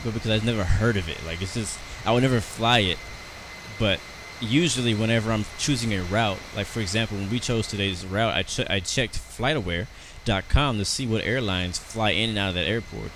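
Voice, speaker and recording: A man's voice: fairly low pitch, noisy background. An American man chatting casually and rambling through live commentary on his flight sim stream, talking to his viewers.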